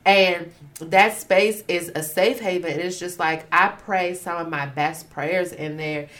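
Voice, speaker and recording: A young woman with a slightly low voice, chatting casually on a faith podcast. She talks expressively and playfully, tossing in quick asides. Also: fairly even intonation, a bit bright. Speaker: podcast co-host.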